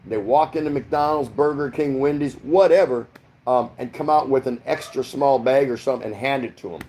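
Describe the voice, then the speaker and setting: A middle-aged man from the United States hosts a casual livestream from his home. He reads viewer comments aloud one after another and chats back with loose, rambling asides. His voice sits at an ordinary middle pitch. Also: a little fast, mellow, a little hiss or hum. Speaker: livestream host. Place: home in the Philippines.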